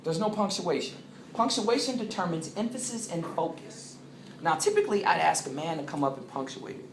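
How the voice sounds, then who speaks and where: Lively man speaking to a crowd. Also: high-pitched, fairly quick, noisy background. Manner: animated, draws answers from the crowd. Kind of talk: interactive talk to a live audience. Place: coffeehouse. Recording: echoey room with loud ambience.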